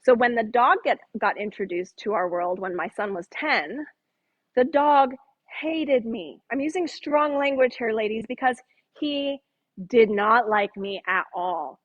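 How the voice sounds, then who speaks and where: Woman, middle-aged Bible study leader, high-ish voice, playful and conversational. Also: animated, measured pace, muffled recording. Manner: chatty, jokes with the audience, acts out voices in quotes.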